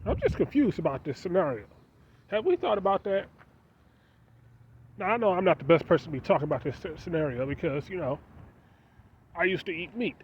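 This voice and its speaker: A man's voice: sits high, sing-song, fairly quick, pauses often, slightly rough. A man talking casually to his viewers in a preachy monologue, firing off rhetorical questions. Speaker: vlogger. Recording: dull lo-fi sound with faint street noise.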